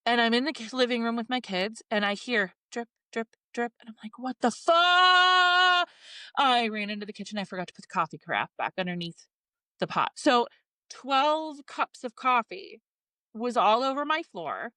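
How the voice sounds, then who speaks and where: Woman, forties, raw and candid podcast talk, swears, voices her own thoughts; slightly high, close and dry. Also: lively intonation, moderate pace, a bit bright, no room sound. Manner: emotional, swearing, acts out her own inner dialogue. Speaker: podcast co-host. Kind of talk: candid personal chat.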